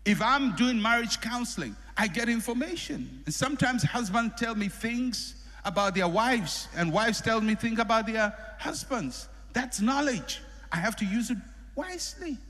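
A middle-aged man preaching a sermon as a pastor, animated, acting out the people he quotes. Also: very high-pitched, normal speed. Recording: long hall reverb.

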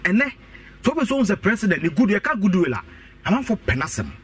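A man's voice: high-pitched, big pitch swings, fast talker, no echo, far from the mic. A man with a Ghanaian accent arguing politics on a radio talk show, switching between Twi and English, emphatic and repetitive. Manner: mixing Twi and English, emphatic, repeats points. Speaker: political guest. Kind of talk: animated political debate.

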